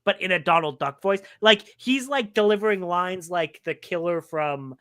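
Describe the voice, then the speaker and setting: A young woman chats casually as a co-host, her voice sitting a little low. She rambles and stacks fillers as she works through her thoughts. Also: moderate pace, a bit bright. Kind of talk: casual chat.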